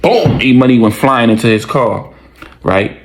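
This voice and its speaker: A man casually telling a story, slangy and conversational, with animated retelling. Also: medium pitch, moderate pace, low-quality recording.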